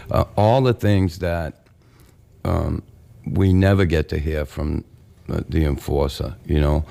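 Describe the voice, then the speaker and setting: Very deep gravelly Boston man. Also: warm tone. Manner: halting, reflective, many fillers. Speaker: guest, former hockey enforcer. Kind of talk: radio interview.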